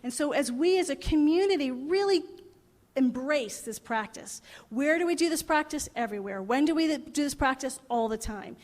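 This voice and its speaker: A woman minister delivers an earnest sermon, her voice sitting a little higher than most. She leans on repeated phrases to drive her points home. The sound carries a long reverb from a large hall. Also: lively intonation, moderate pace, darkish tone. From United States.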